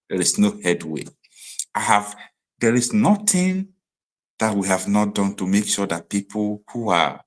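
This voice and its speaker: A man from Nigeria hosting a live stream, commenting in an animated way that rises to emphatic outbursts. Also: sits low. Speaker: online show host.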